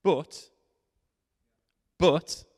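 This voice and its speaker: A man preaching a sermon, swinging from loud questions to hushed tones. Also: very slow. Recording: long hall reverb.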